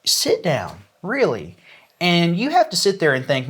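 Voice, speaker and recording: A man talking casually as a guest, rambling with restarts and trailing off more quietly at the ends of his thoughts. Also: fairly high pitch, wildly swooping pitch, moderate pace, slightly rough. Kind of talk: casual chat.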